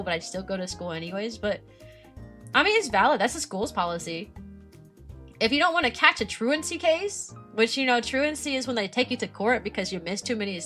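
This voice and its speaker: A young woman, a streamer who teaches kindergarten, chatting casually and animatedly about her work, often mimicking parents in a higher voice. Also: a bit bright. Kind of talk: casual chat.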